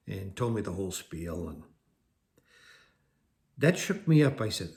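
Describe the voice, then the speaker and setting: A man's voice: low voice, sing-song, unhurried, pauses often, darkish tone. A man telling a personal story about his past in a casual, rambling way, often restarting and correcting himself. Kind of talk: personal recovery story told to camera.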